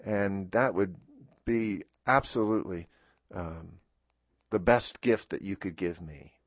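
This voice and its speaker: A man's voice: sits low, slow, no room sound. A man hosting a radio show, talking in a rambling, heartfelt farewell monologue at a studio microphone. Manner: rambling, heartfelt, self-interrupting. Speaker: radio host.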